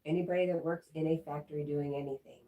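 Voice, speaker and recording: A woman's voice: deep voice, steady tone, fast, warm tone. A middle-aged woman hosting a casual livestream, chatting and answering viewer comments with giggly asides. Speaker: livestream host.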